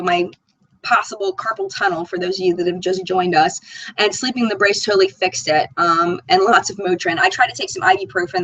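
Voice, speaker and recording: A woman's voice: mid-range voice, sharp tone, breathy edge, no room sound, rough recording. A woman hosting a live makeup chat stream, reading viewer comments aloud and gushing over them. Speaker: beauty channel host.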